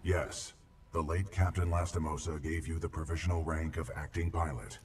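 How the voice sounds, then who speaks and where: A very deep, formal war robot. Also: male voice, normal speed. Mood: formal calm. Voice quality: deep, flat machine-like delivery. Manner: precise, dutiful, reports in clipped statements. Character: huge male military robot, calm and formal. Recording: distant game audio under loud noise.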